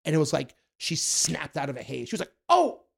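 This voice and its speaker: A young man tells a story in a relaxed podcast chat, his voice sitting a bit high. He jumps up in pitch to act out the people he quotes, then drops back into easy talk. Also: fast, vocal fry, breathy edge. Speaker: guest, food content creator.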